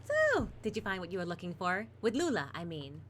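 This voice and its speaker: A man's voice: high voice, wildly swooping pitch, fairly quick, a bit bright, a little hiss or hum, full character voice. Woman reading a nervous, evasive clerk. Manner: stammering, defensive.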